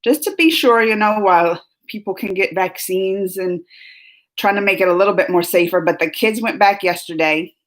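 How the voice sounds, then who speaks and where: A woman's voice: medium pitch, normal speed. A woman hosting a casual live stream who laughs often and greets her chat by name. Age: adult, mother of school-age kids. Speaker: livestream host.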